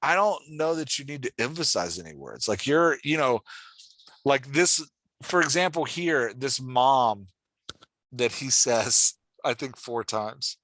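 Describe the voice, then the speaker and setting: A man's voice: medium pitch, expressive, a little slow, fairly bright tone, dry recording. A man hosting a podcast and giving casual, encouraging feedback on a writer's dialogue, talking loosely with lots of filler words. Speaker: podcast host and writing coach.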